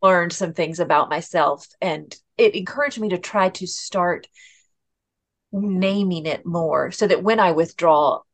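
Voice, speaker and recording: A woman as a podcast guest, talking candidly in a casual conversation, laughing at herself now and then and restarting her sentences quickly. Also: lowish voice.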